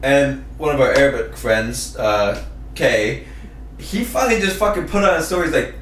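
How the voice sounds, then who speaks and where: A man's voice: medium pitch, animated, moderate pace, fairly bright tone, slight background noise. A man co-hosting a casual podcast, rambling and swearing as he banters. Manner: rambling, swearing, mocking voices. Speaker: podcast co-host. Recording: echoey room from a distance.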